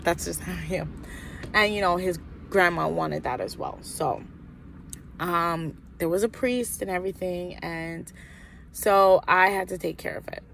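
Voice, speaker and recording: A woman's voice: fairly low pitch, steady tone, a little slow, creaky, fairly bright tone, a little hiss or hum. A young woman telling a frustrated, swear-laced storytime in a casual vlog, full of "like" and fillers. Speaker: vlogger.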